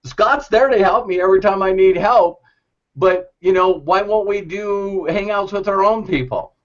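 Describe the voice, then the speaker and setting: Man, motivational speaker, upbeat, laughs a lot, slightly high voice, dull lo-fi sound. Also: moderate pace. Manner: animated, laughing often, acts out quoted voices. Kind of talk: motivational talk to a group. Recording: dull lo-fi recording.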